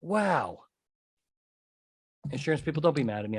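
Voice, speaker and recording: Male podcast host in rant mode, lively pitch, dry close sound. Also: normal speed, breathy edge, no echo. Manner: animated, ranting, laughs often, jumps high in pitch. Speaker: podcast host, litigation psychologist.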